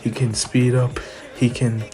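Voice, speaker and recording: A woman voicing a tired, gruff male teacher in a flat, matter-of-fact way. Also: rumbling low, a little slow, music in the background.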